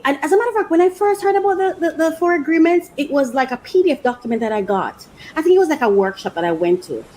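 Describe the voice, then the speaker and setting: A woman life coach hosting a casual unboxing vlog, talking in a gushing, animated way and laughing often. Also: mid-range voice, a little hiss or hum, low-quality recording.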